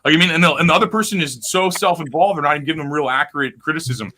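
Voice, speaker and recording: Fast-talking, bright-voiced man riffing. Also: on the high side, slight background noise. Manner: rambling, profane, restless riffing. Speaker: podcast host. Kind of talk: casual chat.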